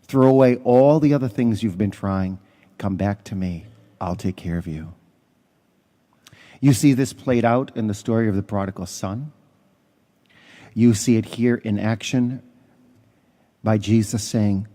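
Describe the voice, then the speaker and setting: A man's voice: fairly low pitch, unhurried, pauses often, dark tone. A man, a parish priest, giving a conversational homily with stories and some fillers. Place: church.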